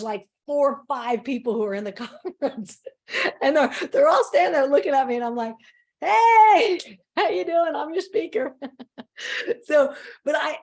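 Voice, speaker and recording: A woman motivational speaker giving an energetic, playful talk on stress and acting out her own self-talk. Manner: lowers her voice for a mantra. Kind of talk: live online talk on stress.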